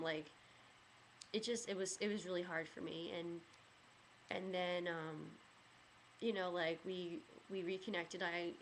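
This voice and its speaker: Speaking on the low side with a fairly bright tone, this young vlogger tells a rambling story packed with "like" and "you know." Her emotions rise as she goes, and she chokes up, while faint hiss or hum sits under the audio.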